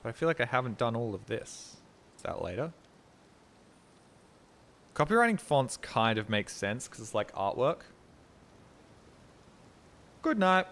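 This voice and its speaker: A man's voice: medium pitch, big pitch swings, moderate pace, pauses often, a bit bright, slight background noise. A man streaming a video game, rambling casually to his chat and swearing freely. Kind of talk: casual gameplay commentary.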